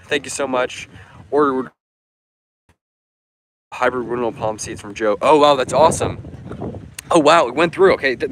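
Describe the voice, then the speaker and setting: A man's voice: medium pitch, noisy background. A man hosting a casual outdoor livestream, answering viewer comments in an upbeat, chatty way with plenty of fillers. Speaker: livestream host. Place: outdoors on a sunny coast.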